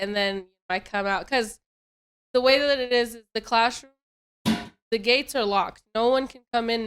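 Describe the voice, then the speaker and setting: A woman's voice: mid-range voice, fairly bright tone, smooth. A young adult woman telling a story in casual podcast chat, rambling and repeating herself.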